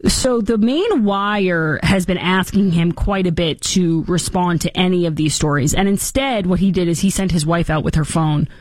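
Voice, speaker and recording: A woman's voice: fairly low pitch, moderate pace, hardly any pauses, no room sound, studio quality. Sarcastic woman hosting political commentary. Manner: sarcastic, animated, mocking.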